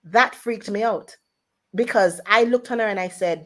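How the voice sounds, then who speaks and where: Woman, radio guest, animated storytelling. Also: mid-range voice, moderate pace. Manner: animated, voices family members in quotes. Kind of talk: personal storytelling.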